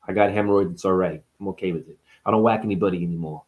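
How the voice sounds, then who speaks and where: A man voicing a tough middle-aged male mafia guy with a New Jersey accent, gruff and profane. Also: low-pitched, racing, phone-quality sound, pitched below the performer's own voice, natural voice. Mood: gruff bravado. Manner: gruff, profane, menacing bravado.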